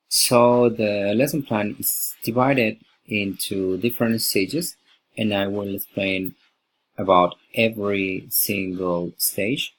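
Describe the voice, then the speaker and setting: A man's voice: fairly low pitch, slight background noise, poor audio. A man whose first language is Spanish explains his lesson plan for a teaching course, with many fillers and restarts. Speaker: English teaching student presenting a lesson plan. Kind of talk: unscripted video presentation.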